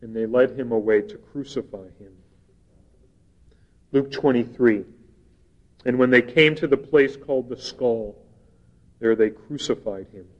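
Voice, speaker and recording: A man preaching a sermon, reading scripture passages in a slow, measured and earnest way. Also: medium pitch. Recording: dull sound with long hall reverb.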